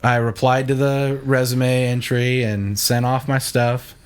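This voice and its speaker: A man's voice: measured pace, clear, resonant tone. A young adult man, a church audio engineer, telling stories in a casual interview and acting out quoted lines in a raised voice. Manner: animated, acts out quoted voices with a higher pitch.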